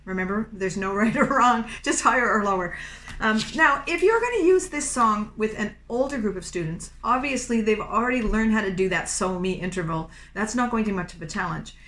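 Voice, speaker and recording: A middle-aged woman talks teachers through a classroom singing game in a patient, encouraging way. Her voice sits at a middle pitch, and she breaks into short sung phrases now and then. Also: lively intonation, a little fast, fairly bright tone, slight background noise. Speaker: music teacher. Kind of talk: instructional talk with sung demonstrations.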